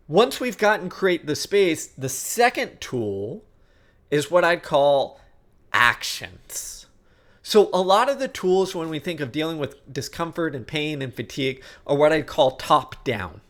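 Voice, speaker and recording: Conversational man teaching, fairly high voice. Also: fairly bright tone. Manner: conversational, checks in with frequent "okay?" and "guess what?"; acts out inner thoughts in quoted asides. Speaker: coach. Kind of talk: instructional talk on sports psychology.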